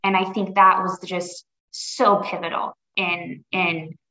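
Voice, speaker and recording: A woman telling her personal story as a podcast guest, earnest and reflective, often pausing to rephrase. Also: lowish voice, level tone, bright, forceful tone. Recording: roomy, dull lo-fi audio.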